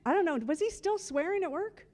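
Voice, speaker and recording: A woman's voice: very high voice, fairly quick, a little mellow. A woman giving a eulogy for her husband at a memorial service, telling humorous stories and acting out old conversations. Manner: humorous, acts out remembered conversations.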